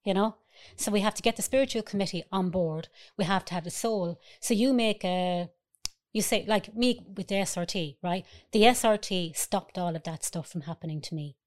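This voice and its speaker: A woman's voice: mid-range voice, normal speed. A woman, a spiritual healer guest, explaining earnestly in casual chat and checking in with "right?".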